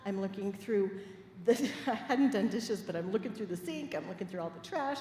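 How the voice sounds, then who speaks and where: A middle-aged woman minister preaching a sermon, telling personal stories in a lively, playful way and laughing with the congregation. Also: mid-range voice, a little fast. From Midwest United States. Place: church sanctuary. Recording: echoey hall with faint room noise.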